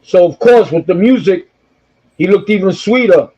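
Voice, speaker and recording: A male co-host who tells animated anecdotes in a casual podcast conversation. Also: high-pitched, moderate pace, slightly rough. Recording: dull lo-fi audio.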